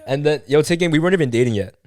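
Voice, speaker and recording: A man's voice: fairly high pitch, animated, rapid-fire, a little mellow, no echo, clean studio sound. A young man, a podcast co-host, telling a casual story with lots of swearing and acted-out quotes of what was said. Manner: swearing, acts out quoted dialogue, many fillers.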